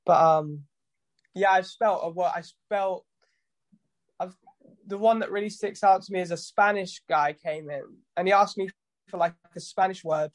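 A man's voice: sits high, fairly even intonation, moderate pace. A man, a tattoo artist, chatting in an interview and telling loose, sweary stories while acting out conversations. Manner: loose storytelling, swears, acts out dialogue. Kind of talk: casual interview chat.

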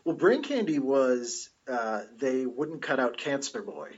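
A man co-hosting a casual chat, calmly explaining details and trivia. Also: mid-range voice, measured pace, husky, dull audio.

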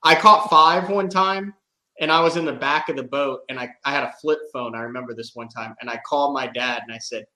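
Man, casual podcast storyteller, rambling, filler-heavy, mid pitch, echoey room. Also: a little fast, sharp tone. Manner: rambling, many "like" fillers, laughs while telling. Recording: roomy echo.

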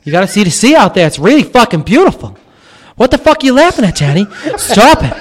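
A man's voice: high-pitched, sing-song, fast talker, voice pushed up. A man doing a comic impression of a swaggering middle-aged Irish rock star with an Irish accent, rambling and swearing. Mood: boastful.

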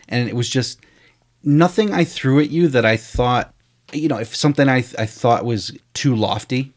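A man's voice: medium pitch, moderate pace. A man, a screenwriter, chatting casually on a podcast and telling a story, acting out quoted dialogue and swearing freely. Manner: profane, candid.

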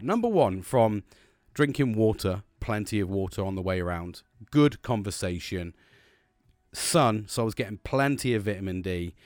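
A man talking straight to camera in a casual motivational style. He rambles and restarts, swears freely, and sounds earnest. His voice sits at a middling pitch with a dry, close sound. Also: no room sound.

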